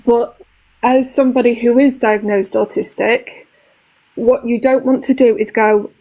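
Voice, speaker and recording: A woman's voice: fairly high pitch, fairly even intonation, normal speed, mellow, low-quality recording. Earnest British woman in her thirties, talks things through at length on a live stream. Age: 30s. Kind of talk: casual live-stream chat.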